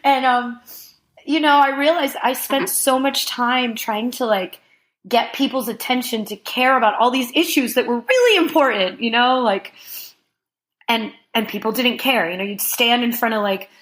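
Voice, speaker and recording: Animated woman telling a story with laughs. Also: on the high side, moderate pace. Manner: animated, laughing, heavy use of "like". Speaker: podcast guest. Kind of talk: casual storytelling.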